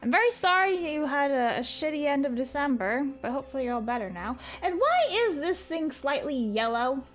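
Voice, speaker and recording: A woman live-streaming a game, rambling through stories and reading donations in a casual, swearing, animated way. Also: high voice, a little fast. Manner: rambling, swears freely, laughs at her own stories.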